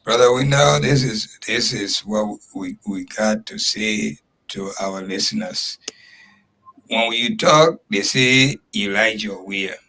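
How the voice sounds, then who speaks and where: A man's voice: fairly low pitch, takes it slowly, pushed and bright. A man hosting a radio talk show, speaking in an earnest, affirming way.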